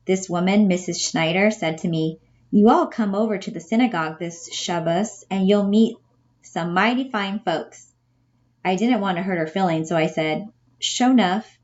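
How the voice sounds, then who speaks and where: Woman reading as a traveling dad writing his boys, gentle, wry, muffled lo-fi sound. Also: on the low side, steady tone, brisk, hardly any pauses, lightly acted. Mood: wistful. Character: worried middle-aged father writing home.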